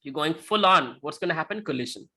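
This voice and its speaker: Bright-voiced male lecturer. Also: fairly high pitch, expressive, fast talker. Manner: conversational, checks in with frequent "right?"; tells illustrative stories. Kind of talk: lecture with slides.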